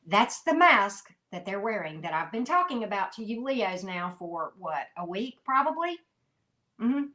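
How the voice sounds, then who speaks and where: A woman reading tarot cards live for her viewers, folksy and emphatic. Her voice sits in an ordinary middle pitch. She talks chattily and scatters "mm-hmm" asides between her points. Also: very animated, a little slow, bright, forceful tone. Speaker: tarot reader.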